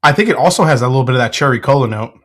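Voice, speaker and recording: A man's voice: medium pitch, expressive, very fast. A man hosting a casual live stream from his home whiskey room, laughing often, swearing freely and answering chat. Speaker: whiskey show host.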